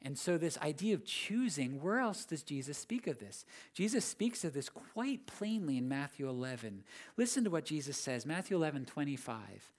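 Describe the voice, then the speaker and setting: A man's voice: on the high side, sing-song, normal speed. A man preaching a sermon, earnest, building to emphatic rises and repeating key phrases. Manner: earnest preaching with rising emphatic peaks and repetition. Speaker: pastor.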